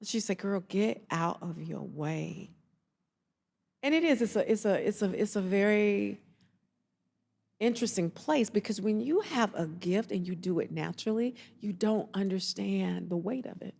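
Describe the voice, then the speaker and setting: A woman in her forties, a therapist from Atlanta, Georgia, telling stories in a lively, animated way on an interview podcast. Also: mid-range voice, moderate pace, gravelly. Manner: animated storytelling, acts out quoted voices. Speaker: therapist and executive coach, guest. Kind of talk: casual conversational interview.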